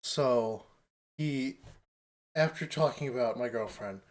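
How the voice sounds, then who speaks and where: A man co-hosting a podcast in casual chat, an animated storyteller who acts out quotes and laughs often. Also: mid-range voice, slow pace. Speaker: podcast co-host.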